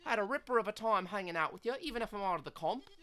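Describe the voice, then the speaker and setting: Brash Australian skater girl, cocky and loud, voiced by a woman with a lively, bouncing pitch. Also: very fast, lightly acted. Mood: good-natured. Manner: loud, boisterous slang-filled banter.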